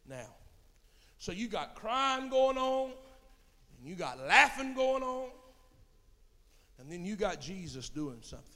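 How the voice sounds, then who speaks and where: High-voiced preaching man in a reverberant hall. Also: very animated, unhurried, pauses often. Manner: impassioned preaching, swinging from low murmurs to shouts. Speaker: pastor. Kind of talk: sermon. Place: church sanctuary.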